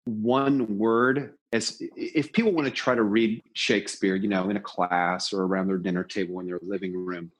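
A man's voice: lowish voice, steady tone, normal speed, hardly any pauses. A man in casual discussion, talking with animation and acting out lines with emphasis.

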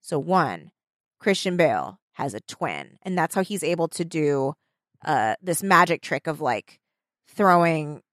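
A woman chatting casually with friends, telling a long story in an animated, rambling way. She fills her sentences with "like" and drops swear words freely. The sound is close and dry, with no room to it. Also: sits low, a little slow, dry recording. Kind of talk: casual chat.

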